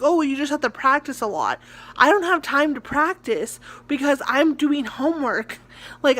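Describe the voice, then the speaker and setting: Rambling young American woman, slightly high. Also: a bit bright. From United States. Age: young adult. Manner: rambling, ranting, heavy on filler words. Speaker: college theatre student vlogger. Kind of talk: casual vlog chat.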